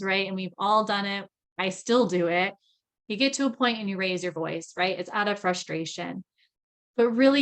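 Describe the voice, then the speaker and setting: A woman's voice: medium pitch, a bit bright. Woman giving a chatty parenting lecture. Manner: conversational, often adds tag questions. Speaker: parenting skills presenter. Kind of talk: recorded training lecture.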